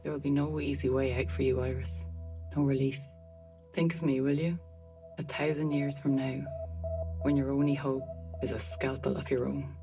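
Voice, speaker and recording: An actress playing a cold, foreboding older woman in a video game, measured and grave. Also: very deep voice, little pitch movement. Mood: ominous. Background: game music.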